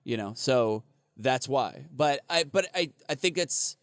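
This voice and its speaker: Lively rambling podcast host. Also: male voice, mid-range voice, measured pace, no room sound, studio quality. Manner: rambling, laughing, swearing. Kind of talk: casual podcast chat.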